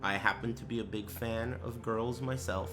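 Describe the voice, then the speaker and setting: A man's voice: medium pitch, fairly even intonation, moderate pace, fairly bright tone, soft background music. A man streaming live, chatting casually with crude, joking, rambling banter. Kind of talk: casual livestream chat.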